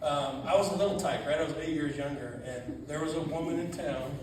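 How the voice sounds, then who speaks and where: A man's voice: on the high side, fairly quick. Man telling stories in an echoey hall. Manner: animated storyteller, laughing often, acting out quotes. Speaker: funeral reception speaker. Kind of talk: storytelling at a memorial gathering. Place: church hall. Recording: very echoey, distant, noisy room.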